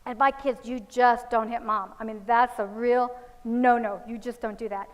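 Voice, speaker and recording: A woman's voice: fairly high pitch, steady tone, normal speed, long reverb tail, poor audio. A woman giving a religious parenting seminar, telling anecdotes and acting out the voices of the people in them. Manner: storytelling, acts out quoted voices of children and parents. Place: seminar hall.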